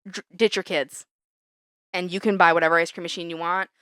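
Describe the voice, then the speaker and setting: A young woman co-hosting a casual podcast, ranting heatedly, swearing often and jumping around in pitch when fired up. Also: fairly quick, clear, resonant tone, dry recording, clean studio sound. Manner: animated, big jumps in pitch when fired up. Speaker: podcast co-host. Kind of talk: casual chat. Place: small studio under a lamp.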